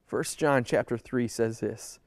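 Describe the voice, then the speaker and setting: A man's voice: mid-range voice, measured pace, no room sound, studio quality. A man giving an earnest, conversational sermon as a pastor, leaning into pleading emphasis.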